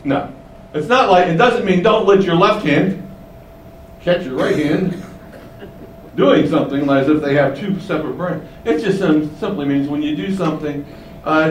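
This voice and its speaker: A man's voice: fairly high pitch, echoey room, recorded from a distance, a little hiss or hum, low-quality recording. A man preaching an expository sermon in a conversational way, often asking rhetorical questions and building up emphasis. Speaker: pastor.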